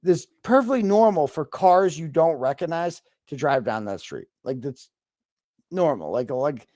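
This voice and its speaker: A man's voice: on the high side, measured pace, dry recording, studio quality. A man telling a story with a lot of swearing, in a casual chat over a video call. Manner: animated storytelling, frequent swearing. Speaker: guest.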